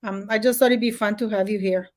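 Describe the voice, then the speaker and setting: A woman's voice: mid-range voice, fairly even intonation, quick pace. A woman hosting a casual live stream, rambling with many fillers and restarts and laughing often.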